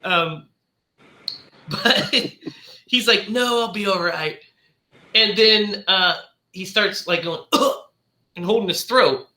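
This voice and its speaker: A man's voice: high voice, pushed and bright, echoey room. A man hosting a podcast, casually recapping a film in a rambling way and acting out lines with laughs. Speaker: podcast host.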